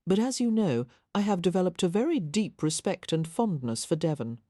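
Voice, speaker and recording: A reserved young Victorian wife, composed and earnest, voiced by a woman reader. Her tone is low and mellow, recorded close and dry. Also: expressive, normal speed, no room sound.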